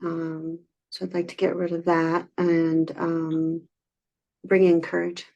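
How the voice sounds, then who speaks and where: Woman participant, hesitant, slow and low-pitched, on a video call. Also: completely flat delivery, gravelly, dark tone, highs cut off. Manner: hesitant, with many fillers. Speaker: ceremony participant.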